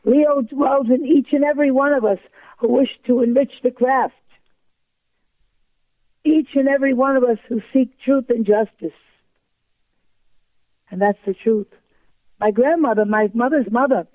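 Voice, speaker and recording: Older female phone guest: high-pitched and emphatic, with a thin, phone-like sound. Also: moderate pace, long pauses, no room sound. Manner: emphatic, repetitive, acts out quoted voices. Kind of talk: storytelling in a talk-show interview. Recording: tinny phone line.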